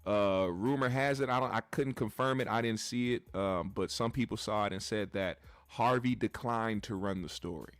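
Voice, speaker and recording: A man's voice: fairly low pitch, normal speed, hardly any pauses, dry recording, studio quality. Blunt, profane male commentary host. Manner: blunt and profane, talks straight to the audience. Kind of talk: casual commentary to a live chat.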